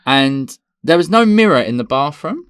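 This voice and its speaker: A man's voice: fairly high pitch, very animated, normal speed, fairly bright tone, clean tone, dry recording, clean studio sound. A man co-hosting a casual comedy podcast, telling anecdotes with bursts of laughter. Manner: chatty storyteller, bursts of laughter. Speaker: podcast co-host.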